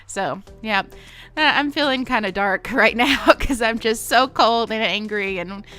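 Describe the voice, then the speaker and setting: A woman's voice: a little high, measured pace, sharp tone, clean tone, faint music behind. A woman in her late twenties with a Southern American accent, chatting casually and rambling over her gameplay with fillers and self-mocking asides. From Missouri. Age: 20s. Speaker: gaming vlogger.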